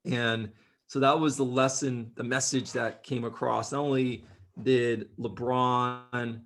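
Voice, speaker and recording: A man's voice: mid-range voice, little pitch movement, takes it slowly, fairly bright tone, slight background noise. A man co-hosting a podcast, chatting casually and joking with his co-host. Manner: easygoing, joking banter.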